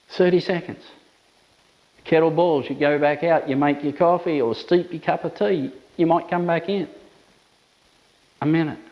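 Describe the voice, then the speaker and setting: A man's voice: a little high, a little mellow, rough recording. A man, an emphatic dog trainer explaining methods with repetitive phrasing. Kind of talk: instructional talk to camera.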